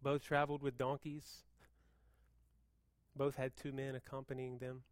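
A man preaching a sermon as pastor, moving between hushed, intense passages and loud, fervent appeals. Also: medium pitch, completely flat delivery, unhurried, no room sound.

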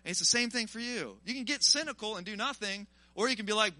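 A man preaching a sermon, telling a story in an animated, emphatic way and speaking directly to the congregation. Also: high-pitched, fast, few pauses, no room sound.

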